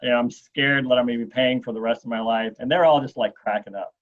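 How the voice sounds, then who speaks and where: A man in his forties, a guest telling a long anecdote in an interview, animated and acting out what others said. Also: medium pitch, fast talker. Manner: animated storyteller, acts out quotes. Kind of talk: storytelling in an interview. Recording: dull lo-fi sound.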